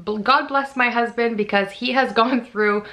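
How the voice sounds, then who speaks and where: A woman in her thirties chatting casually in a vlog, emotional and quick to laugh, sounding tired. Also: a little high, fairly even intonation, bright, forceful tone. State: fatigued. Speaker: vlogger.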